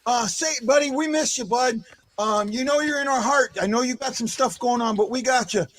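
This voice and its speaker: A man hosting a live fan show, excitable and given to shouting and chanting. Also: extremely high pitch, moderate pace. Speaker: host of a fan livestream show.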